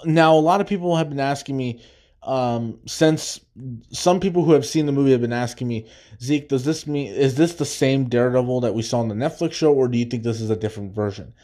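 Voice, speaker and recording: A man's voice: medium pitch, darkish tone. Enthusiastic man hosting a podcast. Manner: enthusiastic, repetitive restarts, acts out quotes. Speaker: podcast host. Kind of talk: casual solo podcast review.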